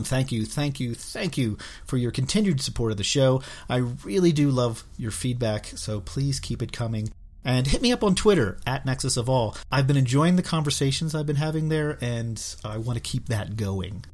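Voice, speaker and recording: A man hosting a casual comic book podcast, chatty and earnest, often trailing off softly. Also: medium pitch. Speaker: podcast host.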